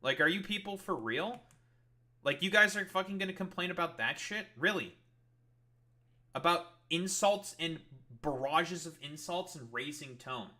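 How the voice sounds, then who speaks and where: Male streamer, fairly high and very bright, cutting voice; swears freely, sarcastic and exasperated. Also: expressive, normal speed. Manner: profane, sarcastic, exasperated ranting. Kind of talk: heated livestream rant at chat.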